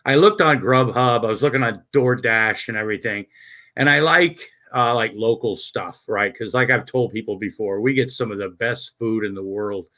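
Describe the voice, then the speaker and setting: Male livestreamer, bright forceful voice, rambling, profane, chatty with viewers. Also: lowish voice. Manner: halting, many fillers and restarts. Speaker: livestream host. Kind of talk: casual late-night livestream chat.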